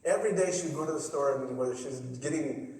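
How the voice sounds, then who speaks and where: Man, storytelling speech, animated, stumbling restarts, fairly high voice, big echoey hall, distant mic. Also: fairly quick. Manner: animated, repetitive, acts out voices. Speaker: forum speaker. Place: college theater stage.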